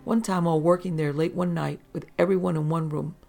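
A narrator calmly reading first-person encounter stories aloud in a steady storytelling delivery. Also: medium pitch, brisk, creaky, soft background music.

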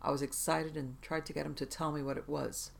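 A storyteller giving a steady, even reading of first-person tales, including a spooky one. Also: mid-range voice, a little fast, gravelly.

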